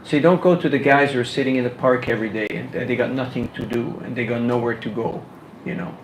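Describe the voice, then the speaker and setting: A man giving a casual workshop talk on book distribution, animated and full of rhetorical questions, laughing now and then. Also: mid-range voice, quick pace, reverberant, a little hiss or hum, poor audio.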